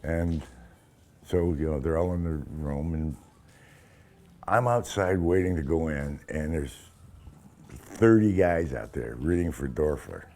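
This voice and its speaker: An older man, an actor, telling animated, profane anecdotes in an interview and acting out the quotes. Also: extremely low pitch, a little slow, pauses often.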